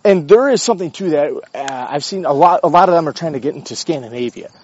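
A blunt American man talks casually and swears freely, his pitch swinging widely as he rants. His voice is slightly husky and sits a bit higher than most men's. The recording sounds dull and lo-fi. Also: fast. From United States. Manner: profane, blunt, lively and opinionated. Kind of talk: casual rant.

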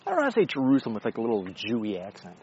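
A man's voice: mid-range voice, huge pitch swings, rapid-fire, darkish tone, muffled recording, slight background noise. Rambling man walking his dog outdoors. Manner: rambling, profane, self-mocking, talks to his dog. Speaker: vlogger. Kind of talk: rambling casual monologue while walking a dog. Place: outdoors on a neighborhood street.

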